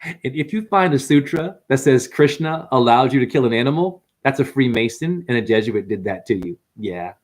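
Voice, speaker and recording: A man's voice: medium pitch, lively intonation, normal speed. A man giving a confrontational, preachy monologue as a spiritual teacher, calling the listener honey. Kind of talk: ranting monologue.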